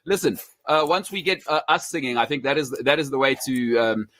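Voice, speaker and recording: A man's voice: medium pitch, lively intonation, brisk, a bit bright, no echo. A man hosting a sports talk show, effusive and grateful, often stumbling over his words. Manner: effusive, stammering restarts. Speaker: host. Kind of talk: casual chat.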